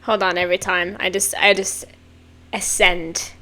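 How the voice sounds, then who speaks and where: A woman's voice: lowish voice, measured pace. Gushing woman reacting over faint music. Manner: excitable, gushing, breathy exclamations. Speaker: reaction video host. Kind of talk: casual music reaction commentary. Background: faint music playing.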